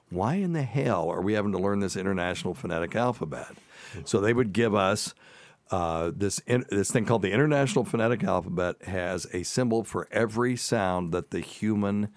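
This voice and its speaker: A man's voice: on the low side, darkish tone, no echo. A man in his sixties with a faint Southern accent, a physician co-hosting a casual show, telling stories in a folksy, self-deprecating way. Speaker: physician co-host. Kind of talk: casual podcast chat.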